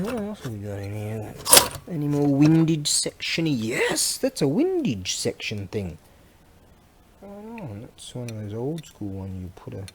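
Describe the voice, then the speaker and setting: A man with a mid-range voice chatting loosely to the camera while tinkering in a workshop. He rambles, trails off into half-finished thoughts and laughs often. A faint hiss of background noise sits under his voice. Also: mid-range voice. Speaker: vlogger. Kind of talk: rambling casual workshop chat.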